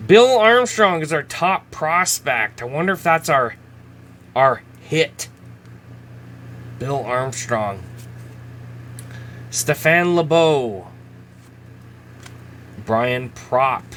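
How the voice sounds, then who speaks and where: Casual male host, unhurried and a bit high-voiced, faint background hiss. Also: expressive, fairly bright tone. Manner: chatty, laughs at himself, reads names aloud. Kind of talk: casual card-opening commentary.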